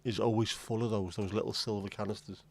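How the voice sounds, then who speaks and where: A man's voice: fairly low pitch, fairly even intonation, a little fast, no echo. A man hosting a livestream, chatting casually and rambling from one joke to the next as he addresses his viewers. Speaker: livestream host.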